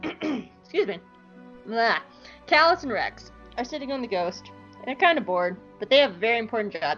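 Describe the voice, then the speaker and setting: A woman co-hosting a podcast recaps an episode in a lively, joking style, briefly mimicking the characters. Her voice is medium-pitched, and the recording has its highs cut off.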